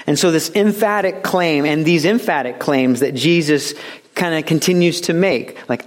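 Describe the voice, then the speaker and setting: A man's voice: a little high, moderate pace. Emphatic, conversational male preacher. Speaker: pastor. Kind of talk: sermon.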